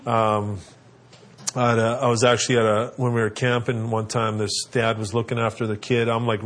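Chatting casually about his family and offering parenting tips, this man in his thirties gets animated. Whenever his children come up, he imitates them with a high, squeaky pitch.

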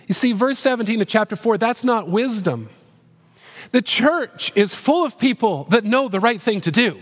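A man's voice: sits high, lively intonation, normal speed, long reverb tail. A man in his fifties preaching a sermon as pastor, earnest and emphatic, driving points home with repeated rhetorical questions.

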